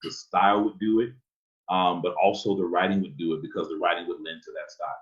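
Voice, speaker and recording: A man with a natural bass voice telling stories in a laid-back, self-mocking way as a guest on a podcast. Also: fairly even intonation, fast, dull audio. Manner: laid-back storytelling, laughs at himself. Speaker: guest poet. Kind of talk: casual podcast chat.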